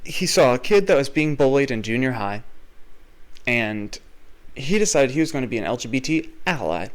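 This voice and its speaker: A young man hosting a podcast, ranting profanely in a comedic way, with loud swearing outbursts that drop into muttered asides. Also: mid-range voice, big pitch swings, moderate pace, poor audio. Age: young adult. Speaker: podcast host.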